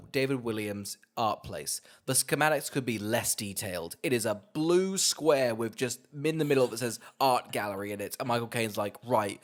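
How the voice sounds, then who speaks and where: Sarcastic man in a casual podcast chat. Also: medium pitch. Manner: sarcastic, swears freely, acts out quotes. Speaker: podcast co-host.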